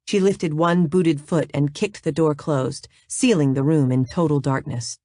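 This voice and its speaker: Brief: female audiobook narrator, low register, steady, dry studio sound. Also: measured pace, no room sound.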